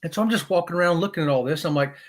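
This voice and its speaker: A man hosting a live stream in casual chat, folksy and excitable, often saying y'all. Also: a little high, racing.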